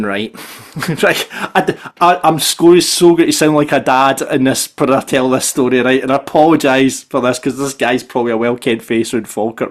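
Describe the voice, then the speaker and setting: A man with a Scottish accent hosting a football podcast, telling stories in a chatty, animated way and often tagging "right?" onto his sentences. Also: fairly high pitch. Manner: animated storyteller, repeats "right?". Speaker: podcast host. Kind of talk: casual football podcast chat.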